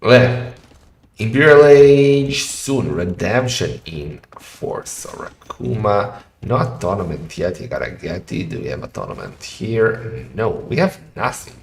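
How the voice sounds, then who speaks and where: A man casting a live strategy game match in a chatty style that rises to excited shouting in fights. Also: sits low, unhurried, creaky. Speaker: game caster. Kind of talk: live esports commentary. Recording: roomy echo with faint music.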